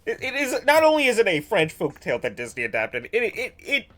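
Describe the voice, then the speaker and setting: A woman's voice: medium pitch, a little fast. A woman with a Southern US accent streaming a video game, joking and swearing in casual commentary. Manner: lively, swears often, jokey.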